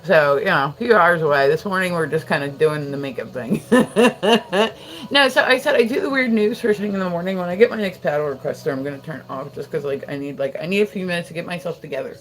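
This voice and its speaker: A woman's voice: on the low side, quick pace. Rambling woman streamer, casual chat. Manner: rambling, many fillers, laughs often. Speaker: livestream host.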